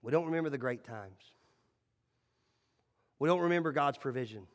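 A middle-aged man preaching a sermon, telling stories and swinging between loud and hushed lines. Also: mid-range voice, animated, moderate pace. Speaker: pastor. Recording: echoey hall reverb.

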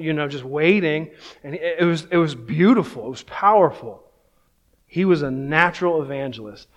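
A man's voice: on the high side, fairly quick. A man in his thirties, a pastor, preaching a sermon in a casual, self-deprecating storytelling way, often checking in with "right?".

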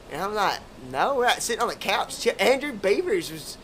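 A man's voice: high-pitched, big pitch swings, a little fast, fairly bright tone, a little hiss or hum. A man, hosting a podcast and telling rambling, profane stories in casual chat. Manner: profane, rambling, laid-back drawl.

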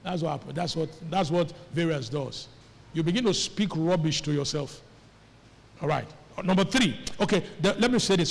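Pastor, high voice, lively preaching with call-and-response, reverberant hall. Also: male voice, gravelly. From Nigeria. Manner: animated, calls on the congregation to respond. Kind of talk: sermon. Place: church hall. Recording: echoey church hall.

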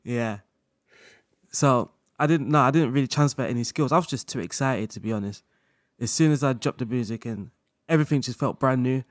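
A man in a casual interview, speaking at a middle pitch in a relaxed, rambling way. He laughs often and strings thoughts together with fillers. The recording is close and dry. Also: brisk, no room sound. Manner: relaxed, laughs often, loose run-on sentences with many fillers. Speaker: guest content creator.

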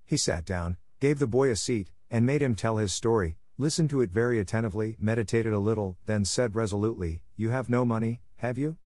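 A man giving a steady, measured storybook narration. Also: fairly low pitch, dry recording, studio quality. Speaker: audiobook narrator.

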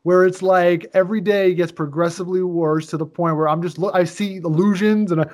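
High-voiced man ranting on a podcast. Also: a little fast. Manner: animated, swearing, rambling storyteller. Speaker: podcast co-host. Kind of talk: casual chat.

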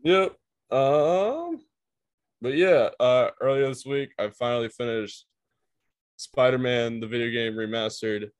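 A man's voice: medium pitch, expressive, measured pace, no echo. A young man co-hosting a podcast, chatting about his week in a laid-back way with casual swearing. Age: young adult. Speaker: podcast co-host. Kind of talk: casual chat.

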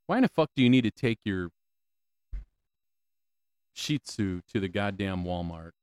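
A man's voice: on the low side, lively intonation, a little slow, smooth, no room sound. A man hosting a solo podcast, ranting with lots of swearing, repeated questions and stammering restarts, on a close mic. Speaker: podcast host.

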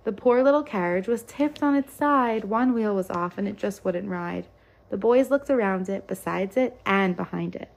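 A woman's voice: mid-range voice, moderate pace, gravelly, darkish tone. A woman reading a rhyming children's picture book aloud in a lilting rhythm. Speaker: storyteller.

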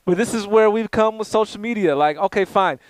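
A man's voice: high-pitched, a little fast, smooth, dry recording. A man co-hosting an improvised comedy live stream, talking in a sarcastic, mocking way. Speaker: comedy show co-host.

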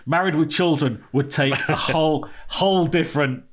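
A man's voice: on the high side, moderate pace, noisy background. Joking, sweary male podcast co-host. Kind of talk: casual chat. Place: home in Los Angeles.

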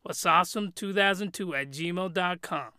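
A man hosting a casual solo podcast review, telling it in a crude, rambling, animated way into a podcast microphone. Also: sits high, moderate pace, smooth, dry recording, clean studio sound. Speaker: podcast host.

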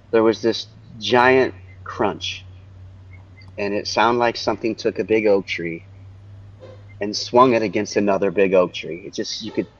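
Casting a lowish-voiced middle-aged man, excitable storyteller, muffled lo-fi sound. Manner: animated, repeats phrases for emphasis. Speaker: interview guest. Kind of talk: telling a personal story. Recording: dull lo-fi audio.

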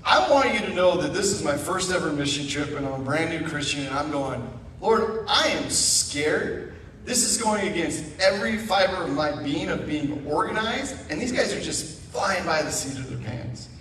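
A middle-aged man telling his testimony as a guest speaker at church, animated with asides. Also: a little high, fairly quick, hardly any pauses, a little hiss or hum. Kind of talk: personal testimony. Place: church sanctuary. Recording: echoey room, mic far off.

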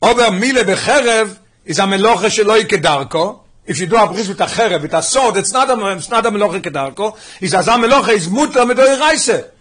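A man giving a Torah class, rapidly explaining Midrash and mixing English with Hebrew and Yiddish terms, asking his listeners questions as he goes. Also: high-pitched, expressive, fairly bright tone, husky. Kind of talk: Talmudic lesson explaining Midrash.

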